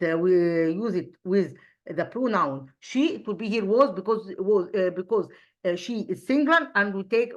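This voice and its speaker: Hesitant woman teaching English grammar. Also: medium pitch. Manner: hesitant, frequent fillers and restarts; asks rhetorical questions and repeats. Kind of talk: grammar review lesson.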